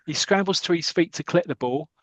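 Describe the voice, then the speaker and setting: A man co-hosting a podcast, casually retelling a football comic story and breaking into excited commentary. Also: fairly high pitch, fast talker, no echo. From United Kingdom. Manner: animated, jumps into excited commentary voice. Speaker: podcast co-host.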